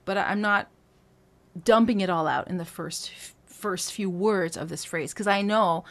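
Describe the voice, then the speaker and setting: A woman's voice: medium pitch, unhurried. A woman vocal coach teaching a singing lesson, explaining phrases note by note in a conversational way. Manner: explains step by step, breaking phrases into notes; conversational, frequent "right?" and "um".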